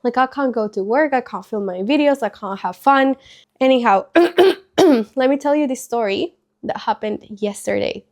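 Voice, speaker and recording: Hoarse, chatty woman with a high voice. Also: moderate pace, darkish tone. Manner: chatty, rambling, frequent "like" and restarts; mildly upset, confiding. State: sick, hoarse voice. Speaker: casual high school teacher and faith vlog host. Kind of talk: casual storytelling chat to camera.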